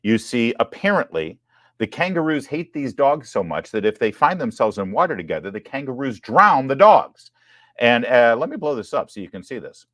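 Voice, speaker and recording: A man hosting a live online commentary show, talking in an animated, joking way. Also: medium pitch, moderate pace, no room sound, clean studio sound. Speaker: host.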